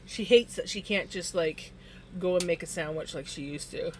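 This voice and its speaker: A woman's voice: fairly low pitch, normal speed, slight background noise. A woman streaming from home, chatting casually and laughing often between remarks. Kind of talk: casual chat while streaming.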